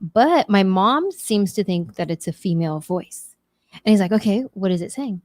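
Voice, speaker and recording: A woman's voice: mid-range voice, expressive, moderate pace, a little mellow, no echo. A woman hosting a podcast, telling a story in casual chat and acting out quotes in exaggerated voices. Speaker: podcast host.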